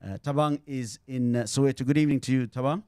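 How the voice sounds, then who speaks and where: A man hosting a radio talk show, introducing callers in a measured way. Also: medium pitch, darkish tone, clear, resonant tone, dry recording, studio quality.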